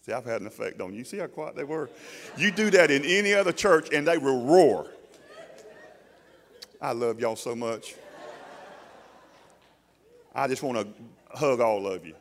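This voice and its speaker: A man preaching a sermon to a congregation in a folksy, animated way, often mimicking voices. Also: mid-range voice, unhurried, long pauses, in a large hall, a little hiss or hum. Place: church hall before a congregation.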